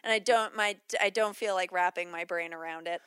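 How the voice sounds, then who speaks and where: A woman co-host in relaxed podcast chat, chiming in with asides and laughing often. Her voice is bright and smooth, recorded dry and close. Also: on the low side, brisk, no room sound. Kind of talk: casual movie chat.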